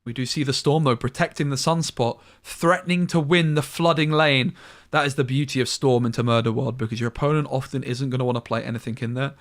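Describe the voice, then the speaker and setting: A man casting a card game tournament live, calling plays briskly and thinking aloud between moves. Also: medium pitch, fairly even intonation. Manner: brisk analytical play-by-play with thinking-aloud asides. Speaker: tournament caster. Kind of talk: live esports play-by-play commentary.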